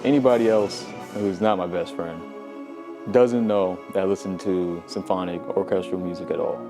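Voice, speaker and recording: Teen boy student, very deep voice, reflective, music behind. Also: steady tone, normal speed. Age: teens. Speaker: high school student. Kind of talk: profile interview.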